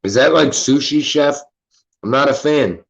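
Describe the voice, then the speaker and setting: Casting: relaxed Philly guy, loose and profane streaming chatter, mid-pitched voice. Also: measured pace, gravelly, slightly rough, highs cut off. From Philadelphia. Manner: laid-back, profane, reading chat aloud. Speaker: livestream host. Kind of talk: casual livestream chat.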